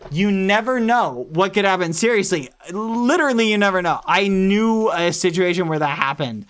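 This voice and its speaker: A man's voice: high-pitched, lively intonation, moderate pace. A rambling, reassuring young male streamer. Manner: reassuring, rambling, apologetic, reads chat and donations. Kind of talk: casual live-stream chat.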